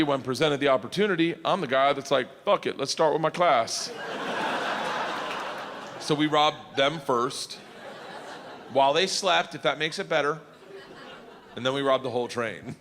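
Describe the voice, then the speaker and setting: A man doing stand-up storytelling, loud and profane, with animated delivery and shouted punchlines. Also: mid-range voice, a little fast, big-room sound, some chatter behind, slight background noise. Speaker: stand-up comedian.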